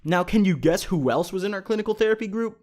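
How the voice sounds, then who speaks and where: A man's voice: high-pitched, expressive, quick pace, a little mellow. A young man recounting his own story on his vlog in a casual, joking manner, swearing freely. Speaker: YouTuber.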